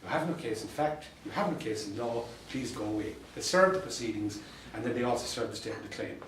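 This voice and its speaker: A man's voice: mid-range voice, animated, quick pace, a bit bright, a little hiss or hum. Irish man telling dry-humoured stories from afar. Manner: storytelling with dry humour and repeated punchlines. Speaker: solicitor and mediator giving a talk. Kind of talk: anecdotal presentation to a professional audience. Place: meeting room. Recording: distant mic in an echoey room.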